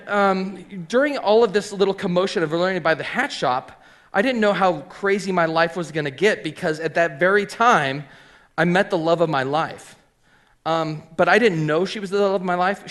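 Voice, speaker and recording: A middle-aged man who owns a hat shop, telling his personal story as an animated storyteller, acting out the voices of people he quotes and often saying um and like. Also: high voice. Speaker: hat maker and shop owner.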